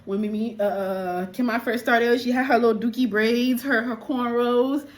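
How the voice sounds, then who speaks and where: A woman's voice: on the high side, fairly even intonation, moderate pace. A woman from Liberia chatting animatedly and exclaiming as she reviews a film. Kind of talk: casual movie review.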